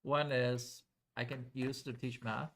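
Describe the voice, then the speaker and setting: A man's voice: medium pitch, level tone, a little slow, a bit bright, a little hiss or hum. A man teaching calculus to a live class in a loose, conversational way, often checking whether students follow.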